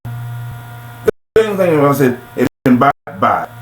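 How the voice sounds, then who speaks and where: An adult man with a medium-pitched, sing-song voice speaks at an unhurried pace into his computer's webcam mic. His casual motivational monologue is preachy and repetitive, loaded with rhetorical questions. The room echoes and a faint mains hum sits underneath.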